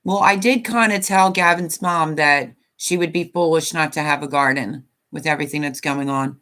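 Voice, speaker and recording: A woman's voice: deep voice, normal speed, fairly bright tone. A woman in her fifties hosting a casual live stream, chatting in a rambling way and reading viewer comments aloud.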